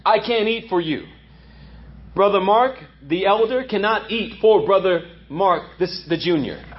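High, lively emphatic male preacher. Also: unhurried, muffled recording. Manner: emphatic preaching, repeats lines for effect. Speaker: pastor. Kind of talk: sermon.

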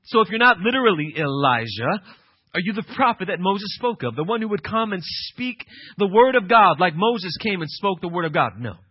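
A male pastor preaching an emphatic sermon, swinging from quiet passages to loud, insistent ones. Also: high voice, animated, normal speed, breathy edge, no room sound, highs cut off.

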